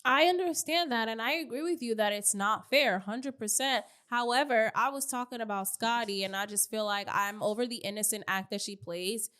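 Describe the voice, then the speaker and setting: A woman's voice: on the high side, moderate pace, few pauses, fairly bright tone. A woman co-hosting a casual gossip podcast, blunt and exasperated, swearing often. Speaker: podcast co-host.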